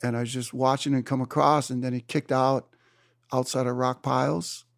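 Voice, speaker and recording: A man in his seventies from Hawaii, an interview guest telling surf stories in an animated way and acting out his own exclamations. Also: medium pitch, moderate pace, gravelly, dry recording, clean studio sound. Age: 70s. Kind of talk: storytelling in a conversation. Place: room.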